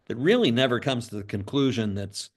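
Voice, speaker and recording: A man co-hosting a business podcast, talking in a relaxed, conversational way. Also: mid-range voice, fairly quick. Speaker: podcast co-host. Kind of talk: casual discussion.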